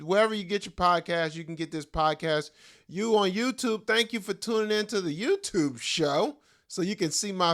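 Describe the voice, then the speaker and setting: A middle-aged comedian and podcast host rambles casually, joking about himself in slangy talk. His voice is high-pitched, smooth, and a bit bright.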